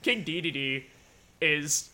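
Young male co-host, high and bright voice, easygoing, laughs a lot. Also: very slow. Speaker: podcast co-host. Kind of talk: casual chat.

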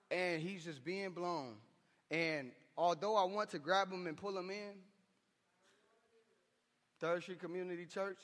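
A man's voice: high voice, moderate pace, fairly bright tone, big-room sound. A man preaching a sermon to men in a church, impassioned and conversational, with slangy asides. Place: church hall.

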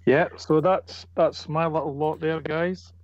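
A man's voice: a little high, fairly even intonation, measured pace, muffled recording, slight background noise. A man chatting casually in a comic book group, reading out comic credits. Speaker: comic book club member.

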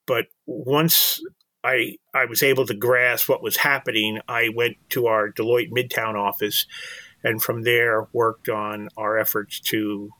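Bright, dry-voiced older New man. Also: fairly low pitch, no room sound. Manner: earnest, halting with repeated words. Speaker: interview guest. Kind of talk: storytelling in conversation.

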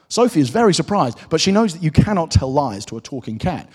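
A male preacher with a husky voice talks to his congregation in an easy, joking way. His pitch swings widely, and the sound rings with the long echo of a hall. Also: very animated, quick pace, few pauses. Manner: warm, conversational and joking preaching. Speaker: pastor. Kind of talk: sermon. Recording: echoey hall.

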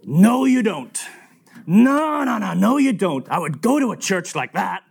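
A male preacher voicing a brash, hearty man who owns a diner, talking loudly and coaxing in a retold story. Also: high-pitched, sing-song, brisk, gravelly, husky, exaggerated voice.

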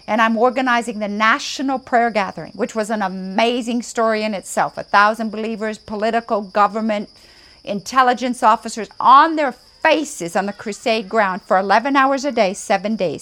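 A woman's voice: on the high side, a bit bright. A woman giving a missionary testimony, telling her story in a fervent, emphatic way, her voice swelling at key moments. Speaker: missionary speaker.

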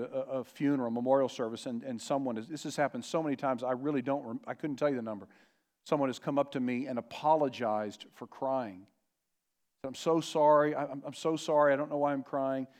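Earnest male pastor preaching. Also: on the high side. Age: adult parent. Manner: earnest, emphatic, slows down on key words. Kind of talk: sermon.

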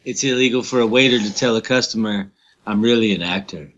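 A man's voice: fairly low pitch, brisk, a bit bright, dull audio, slight background noise. A man co-hosting a casual podcast, reading out odd laws and tossing in dry quips. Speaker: podcast co-host. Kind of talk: casual chat.

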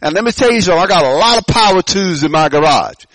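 A man preaching a sermon to a church, swinging between loud rising calls and quiet low asides, with frequent stammering restarts. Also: lively intonation, fast talker, dry recording. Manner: preaching with sudden loud rises and soft drops. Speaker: pastor.

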